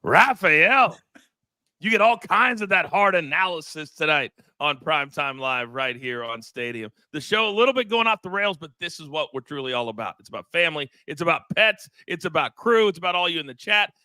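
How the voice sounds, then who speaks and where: A middle-aged man hosting a live sports betting show, energetic and joking with his co-hosts. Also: on the high side, brisk, few pauses, clear, resonant tone, no room sound. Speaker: host.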